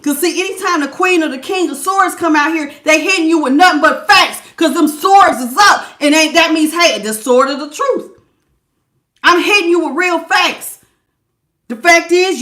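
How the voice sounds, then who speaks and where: A woman's voice: high-pitched, a bit bright, echoey room. A woman giving a live tarot reading, scolding her listeners with blunt tough love in slangy casual talk and calling them baby. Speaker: tarot reader.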